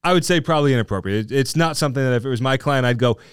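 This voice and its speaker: A man in the role of a trial lawyer talks through a case in a relaxed, conversational way. His voice is smooth and clear, recorded dry and close. He keeps checking in with his listeners as he explains. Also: mid-range voice, very fast, no room sound. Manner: talkative, explains with frequent "right?". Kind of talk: casual discussion.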